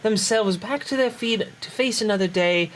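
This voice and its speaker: A man's voice: sits high, moderate pace, a bit bright, slight background noise. A man co-hosting a let's play, joking sarcastically and laughing often while playing. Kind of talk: casual gaming chat and reading game text aloud.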